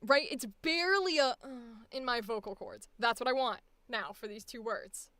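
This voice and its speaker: A woman's voice: fairly high pitch, lively intonation, normal speed, a bit bright, dry recording. An American woman coaching voice acting live, blunt and profane, laughing often. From United States. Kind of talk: live-streamed coaching session.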